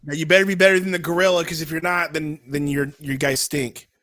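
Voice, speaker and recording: A young man co-hosting a podcast, chatting casually and joking excitably while reacting to a live basketball game. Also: fairly high pitch, fast, no room sound. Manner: joking, excitable, trash-talking. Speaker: podcast co-host.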